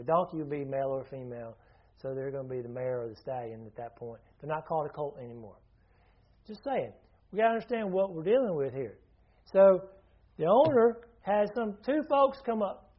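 A man's voice: fairly high pitch, highs cut off. A man preaching a sermon in a conversational teaching manner, often asking his listeners questions and restarting his sentences.

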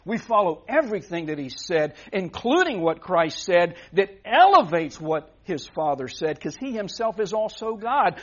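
A man's voice: high-pitched, sing-song, normal speed, hardly any pauses, a bit bright. A man preaching a sermon as pastor, earnest and emphatic, often restarting phrases. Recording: dull lo-fi recording.

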